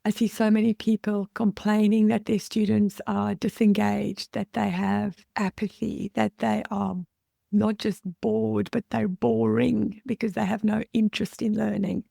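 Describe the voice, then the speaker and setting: A woman's voice: mid-range voice, level tone, unhurried, vocal fry, no room sound, studio quality. A woman hosting an interview podcast, posing questions in an engaged, conversational way. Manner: engaged, asks questions and gives warm affirmations. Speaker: podcast host.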